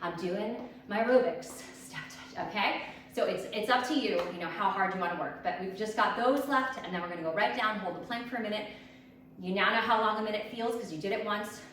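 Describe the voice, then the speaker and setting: A woman's voice: mid-range voice, fairly quick, fairly bright tone, slight background noise. Breathless upbeat woman fitness instructor, echoey room. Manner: upbeat, counting reps while exercising. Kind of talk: workout instruction. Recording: echoey room, distant mic.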